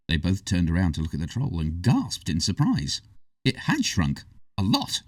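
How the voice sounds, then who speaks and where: A man reading a children's story aloud in an expressive, animated way, heard from a distance. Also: deep voice, normal speed, slightly rough, no room sound. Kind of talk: storybook narration. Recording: distant, dry.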